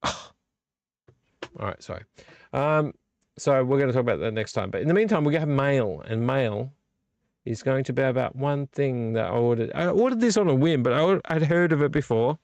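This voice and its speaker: A man hosting a live stream late at night, a little tipsy and rambling as he teases a viewer by name. His pitch sits in an ordinary middle range, and the sound is dry and close, with almost no room around it. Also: animated, normal speed, vocal fry, a little mellow, no room sound, dull audio. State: tipsy from drinking. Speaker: vlog host.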